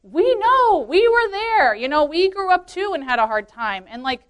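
A woman's voice: very high voice, sing-song, normal speed, a bit bright. A woman in her late twenties giving a casual, earnest testimony talk, chatty, filling her speech with "like" and laughing often. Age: 20s. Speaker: youth leader speaking at a women's meeting.

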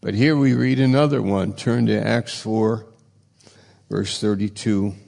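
A man delivers a sermon at an unhurried pace, leaning on repeated phrases for emphasis. His voice has a gravelly edge, and it rings out in a large reverberant hall. His loudness swells and falls as he presses his points. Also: fairly low pitch, steady tone. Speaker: preacher.

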